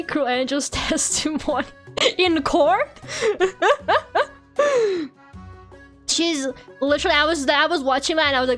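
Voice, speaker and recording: A woman with a high, bright voice chats as a streamer while playing a game. She tells stories in an animated way and swears often. Faint game music plays underneath. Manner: animated storytelling, swears freely. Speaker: VTuber streamer. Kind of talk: casual chat while gaming.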